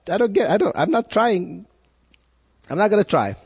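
A male pastor delivering a sermon, his slightly high voice rising and falling with animation. He talks earnestly, piling up rhetorical questions and repeating himself as he pushes a point. The sound carries a long echo, as if in a large hall. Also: big pitch swings, moderate pace, a little mellow, breathy edge.

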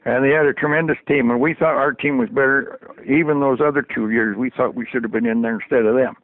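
A man's voice: medium pitch, steady tone, fast talker, no echo. An older man, a former hockey trainer, telling stories and chuckling often as an interview guest. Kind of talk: anecdotal storytelling. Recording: tinny dry phone line.

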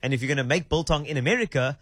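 A man's voice: a little high, lively intonation, very fast, fairly bright tone, no room sound, clean studio sound. A young adult man with a South African accent, hosting a radio breakfast show in casual banter, often putting on a playful, mock-official tone.

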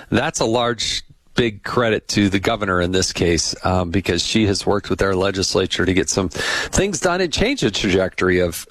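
A man's voice: fairly low pitch, fairly bright tone, no room sound. A man hosting a podcast, chatting casually and effusively with his guest and telling humorous anecdotes. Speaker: podcast host. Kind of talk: casual interview chat.

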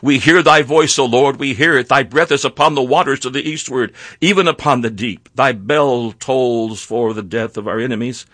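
A man's voice: mid-range voice, fairly even intonation, brisk, hardly any pauses, a bit bright, no room sound, lightly acted. Man reading a fervent colonial preacher, emphatic declamatory prayer, dry. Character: fervent male colonial preacher praying aloud.

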